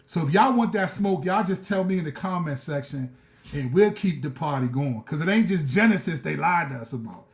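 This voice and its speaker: A man's voice: a little high, lively intonation, brisk, roomy sound. A man hosting a live stream, reading scripture and ranting fervently in street slang, often repeating himself. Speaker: show host.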